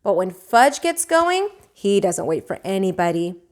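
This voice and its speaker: A woman teacher reading a children's book aloud, with expressive, animated storytelling. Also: medium pitch, measured pace.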